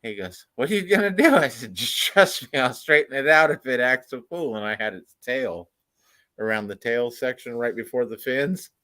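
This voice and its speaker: A man in casual chat, telling a story with loud acted-out quotes and frequent laughter. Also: mid-range voice, moderate pace. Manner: animated, acts out quotes loudly, laughs often.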